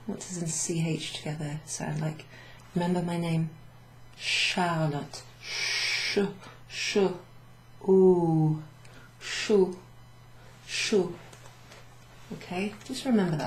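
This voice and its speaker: Slow, low-voiced woman teaching French. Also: a little hiss or hum. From Wales. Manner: slow, patient explaining, switching between English and French. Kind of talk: relaxed classroom recap lesson. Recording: echoey room with faint background.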